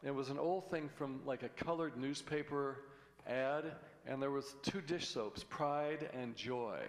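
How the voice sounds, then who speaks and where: A man's voice: mid-range voice, measured pace, slight background noise. Folksy middle-aged man preaching in a hall. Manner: folksy, rambling, with frequent restarts. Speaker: guest speaker. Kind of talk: sermon with personal stories and jokes. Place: church sanctuary. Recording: long hall reverb.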